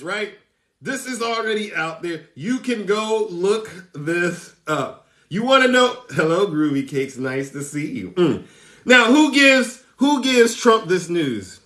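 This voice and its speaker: A man's voice: sits high, sing-song, slow, fairly bright tone, echoey room. A man hosting a livestream, reading out news with theatrical teasing, laughing often and greeting viewers by name. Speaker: livestream host. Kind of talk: live commentary reading news.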